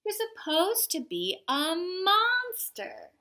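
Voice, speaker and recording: A woman voicing a gang of cranky little monsters in a storybook, with shrill, excited squeals. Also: slow pace, exaggerated voice. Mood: scolding.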